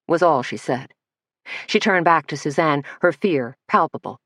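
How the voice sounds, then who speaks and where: A woman narrating a mystery audiobook in a steady, measured manner on a close studio mic. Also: low-pitched, dry recording. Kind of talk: scripted narration.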